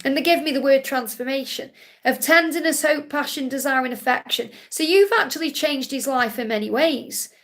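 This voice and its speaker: High-voiced woman giving soothing readings. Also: normal speed, a bit bright. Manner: soothing, reassuring, repeats key phrases. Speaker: spiritual card reader hosting a live Q&A. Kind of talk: live-stream reading, relaying messages.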